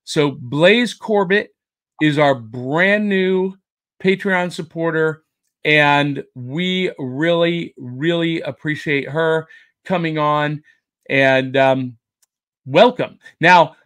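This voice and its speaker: A man hosting a pop culture podcast keeps up jokey, upbeat showman patter in casual chat. His voice is fairly high and a bit bright.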